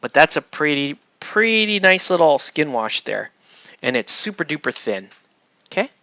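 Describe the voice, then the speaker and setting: A man's voice: a little high, big pitch swings, moderate pace, bright, forceful tone, dry recording. A man hosting a casual painting tutorial, chatty and rambling as he works, often checking in with "right?". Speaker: miniature painting host. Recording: dull lo-fi dry sound.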